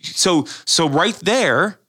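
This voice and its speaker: A pastor talks through his beliefs in an earnest, explanatory way, often doubling back on words mid-sentence. His voice is bright and forceful. The sound is close and dry, with no room around it. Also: fairly high pitch, lively intonation, slightly rough, no room sound. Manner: earnest, explanatory, quickly repeats words and restarts phrases. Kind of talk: casual church discussion.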